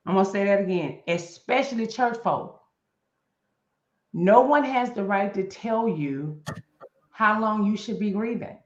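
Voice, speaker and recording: A middle-aged woman appears as a guest on a live chat show, giving an impassioned talk on grief at a measured pace with long pauses. Her medium-pitched voice has blunt, preacher-like emphasis, circles back to repeat key points, and carries a roomy echo in somewhat dull live-stream audio.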